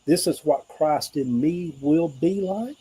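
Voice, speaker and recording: The recording is rough, and his voice is a little high, dark, and husky as he takes things slowly. This middle-aged Southern US livestream host talks sincerely about hope and faith in an informal, preacher-like ramble, addressing viewers along the way.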